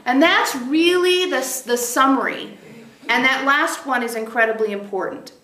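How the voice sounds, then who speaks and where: A woman's voice: high-pitched, moderate pace, bright, forceful tone, slight background noise. A woman channeler giving an emphatic teaching to a small group, stressing points by repeating them. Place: meeting room with a group of listeners. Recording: roomy echo.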